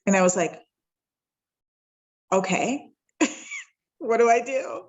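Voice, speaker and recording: A woman in her forties, a podcast guest telling a personal story in a heartfelt, reflective way. She acts out the dialogue with quick shifts in tone and slows down at the key moments. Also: on the high side, huge pitch swings, darkish tone, husky, poor audio.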